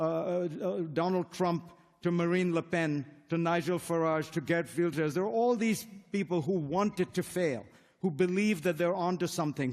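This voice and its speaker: Before a live audience in a big hall that echoes, a man raised in India makes an earnest case in a formal debate, stringing his points into rhetorical lists. His voice is slightly high with a darkish tone.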